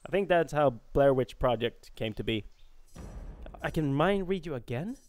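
Excitable joking gamer, lively pitch. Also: male voice, moderate pace, slight background noise. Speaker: gaming video host. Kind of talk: casual let's-play commentary.

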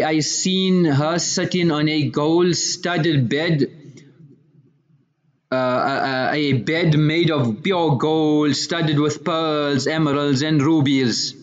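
A man giving a religious lecture as a story. He recites Arabic passages, then paraphrases them in English, repeating words and piling up synonyms. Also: a little high. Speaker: Islamic lecturer. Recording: dull lo-fi recording.

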